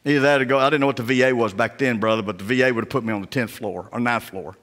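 A male pastor preaching a sermon, telling personal stories in a folksy, down-home way and often dropping to a hushed voice. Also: mid-range voice, steady tone, very fast. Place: church sanctuary. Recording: church sanctuary with long reverb.

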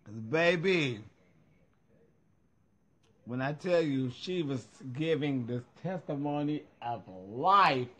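A man chatting casually on his own video show, reacting with sass and plenty of profanity. His voice sits somewhat high, and he takes his time, drawing out his words and breaking into laughter often. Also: bright, forceful tone. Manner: sassy and profane, laughs a lot. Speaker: drag performer hosting a video show.

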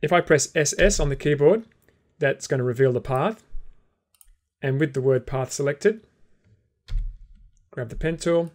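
A man teaching a software tutorial, calmly explaining each step while he clicks through the program. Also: on the high side, measured pace, pauses often. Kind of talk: screen-recorded software tutorial.

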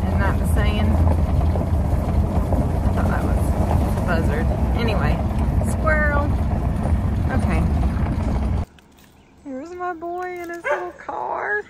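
A middle-aged woman, chatting casually to her viewers in a rambling vlog from outdoors on a farm. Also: fairly high pitch. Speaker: farm vlogger. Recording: faint outdoor noise.

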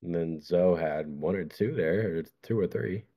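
A man's voice: low voice, moderate pace, mellow. A man hosting a casual dating stream, laid-back and terse, swearing casually over a video call. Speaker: dating show host. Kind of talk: casual livestream chat. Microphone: video call microphone. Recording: dull lo-fi call audio.

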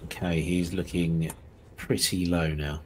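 A man narrating as game master, halting often with ums and small self-corrections, and sometimes laughing as he describes the scene. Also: deep voice, little pitch movement, husky.

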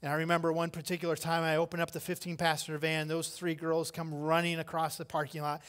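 A middle-aged man preaching a sermon as pastor, telling the story with animated delivery and acting out the voices of the people in it. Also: on the high side, fast.

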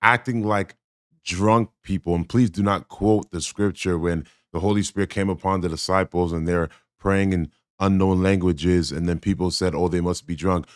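Man, very low voice, dry sound, blunt critical commentary, emphatic. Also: steady tone, moderate pace, smooth, no echo. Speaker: Christian commentator. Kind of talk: reaction commentary on a sermon clip.

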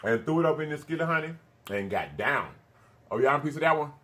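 His voice is a little high, bright and forceful, with lively intonation: a thirty-year-old man running a casual eating show. Between bites he chats with viewers, calls them a drawn-out "honey" or "baby," and hums over his food.

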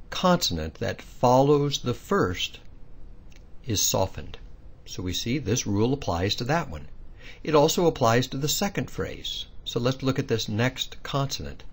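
A man's voice: fairly low pitch, slightly rough. A man teaching pronunciation step by step, in a patient, explaining way with little quiz questions. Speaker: language teacher. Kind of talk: recorded pronunciation lesson.

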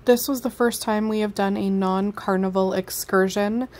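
A woman narrates her family's day out for a travel vlog. She talks in a chatty, enthusiastic way, recommending the trip at a middle pitch. Her tone is plain and conversational. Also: fairly even intonation, moderate pace, a little mellow, slight background noise. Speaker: vlogger, mother on a family trip.

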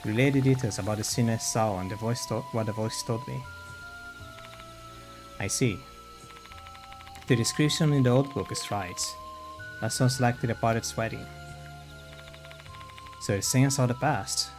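Male streamer, mid pitch, plain read-through of game text with quick asides. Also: music in the background. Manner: reads dialogue and narration plainly, breaking off for quick reactions. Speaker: streamer playing a horror visual novel. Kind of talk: reading game text aloud with commentary.

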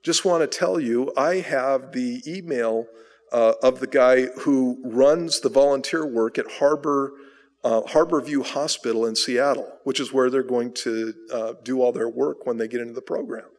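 Guy pastor telling a story in a sermon, animated, plays out the people, big echoey church hall. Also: mid-range voice, normal speed. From United States. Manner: animated storyteller, acts out quoted people, chuckles. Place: church sanctuary. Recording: long hall reverb.

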